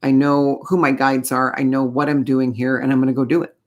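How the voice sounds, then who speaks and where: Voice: medium pitch, flat delivery, brisk, highs cut off, close to an everyday voice. A tarot reader briefly voicing a steadfast, self-assured woman from an oracle card, speaking firmly in short declarations. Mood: determined. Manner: firm, declarative.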